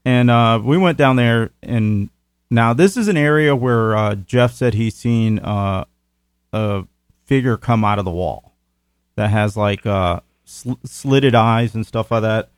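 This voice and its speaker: A man hosting a casual chat about paranormal investigations, relaxed and rambling. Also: lowish voice, measured pace, clear, resonant tone, no room sound. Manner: relaxed, rambling, with many fillers.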